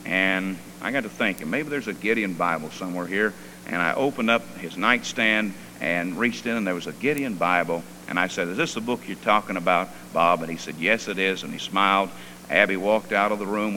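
A male pastor preaching a sermon. He tells stories softly, then rises into fervent preaching. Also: sits low, fairly quick. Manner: quiet storytelling that swells into fervent preaching. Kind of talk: sermon with personal storytelling. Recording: long reverb and faint hum.

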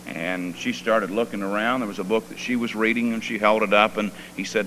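Man, pastor, sermon, low forceful voice, long echoing reverb, faint hum. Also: fairly quick, few pauses. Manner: quiet storytelling that swells into fervent preaching. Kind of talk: sermon with personal storytelling.

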